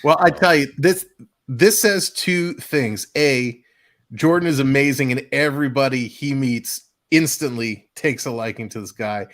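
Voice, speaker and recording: A man on a live travel chat with an ordinary middle-pitched voice. He speaks with upbeat enthusiasm and pulls the conversation together with his own conclusions. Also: unhurried, a bit bright. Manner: enthusiastic, sums things up. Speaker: co-host of a travel show. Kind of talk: casual livestream chat.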